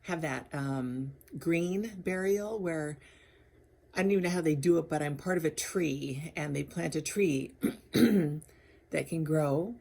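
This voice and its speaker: A woman's voice: sits low, slow pace, gravelly, a little mellow. A woman talking candidly in a personal video diary, rambling and laughing often between thoughts. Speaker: vlogger.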